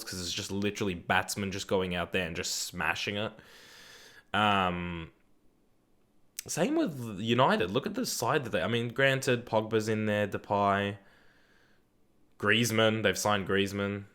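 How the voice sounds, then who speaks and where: During a live gaming stream, a young Australian guy reads out viewers' chat messages and responds, rambling casually and swearing as he goes. He speaks unhurriedly in a fairly low, fairly bright voice.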